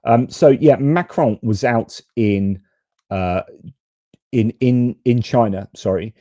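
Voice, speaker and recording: Mellow man ranting frankly. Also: mid-range voice, takes it slowly, no room sound. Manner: frank and exasperated, casual swearing. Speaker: host. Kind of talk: live-stream news commentary.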